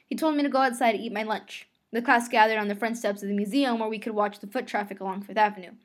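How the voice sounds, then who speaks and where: A woman's voice: medium pitch, fairly even intonation, fast talker. A woman reading a novel aloud, telling the first-person story in a conversational way. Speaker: reader.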